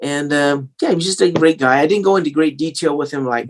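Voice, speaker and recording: A man's voice: on the high side, fast talker. Rambling man with a slight English tinge. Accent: slight English-tinged American. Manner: rambling, many fillers and restarts. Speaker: guest singer-songwriter. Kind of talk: casual storytelling interview.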